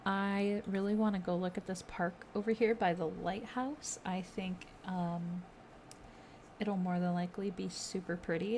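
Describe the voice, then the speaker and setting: A young woman talks slowly through a game tour, gushing over each build and dropping in filler words. Her pitch sits in an ordinary middle range. A faint noise hums under her voice. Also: darkish tone. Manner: gushing, easily delighted, lots of fillers. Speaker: gaming video creator. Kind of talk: casual game walkthrough commentary.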